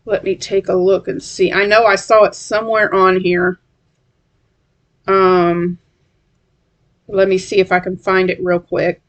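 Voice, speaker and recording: A woman's voice: medium pitch, little pitch movement, a little slow, pauses often. Chatty woman crochet vlogger. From West Tennessee, USA. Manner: rambling, chatty, many ums and restarts while checking her work. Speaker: crochet channel host. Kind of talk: casual craft vlog chat.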